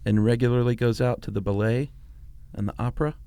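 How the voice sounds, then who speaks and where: A man's voice: medium pitch, quick pace, warm tone, clean tone, dry recording. A middle-aged man co-hosting a podcast in easygoing casual chat, laughing often. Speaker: podcast co-host.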